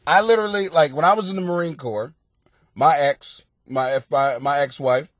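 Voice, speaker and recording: A middle-aged man hosting a comedic advice podcast, rowdy and profane, often breaking into loud laughter. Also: fairly high pitch, moderate pace, dry recording. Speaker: podcast host giving advice.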